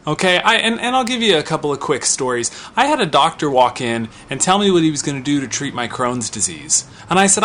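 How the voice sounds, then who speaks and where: A man's voice: a little high, big pitch swings, a little fast, few pauses, a bit bright, a little hiss or hum. A man in his thirties speaking in an opinion vlog, vocal and outspoken, talking with conversational restarts. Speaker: vlogger.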